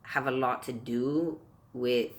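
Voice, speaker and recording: A man's voice: mid-range voice, fairly even intonation, slow pace. A man vlogging a heated rant to camera, swearing constantly and tripping over his words as he repeats himself. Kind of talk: profane political rant to camera.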